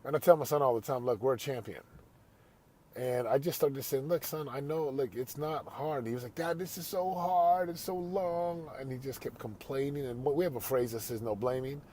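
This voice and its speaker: A man's voice: medium pitch, a little fast, darkish tone, breathy edge. A man hosting a motivational podcast, telling a family story in an earnest, conversational way and turning it into a pep talk. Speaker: podcast host; father.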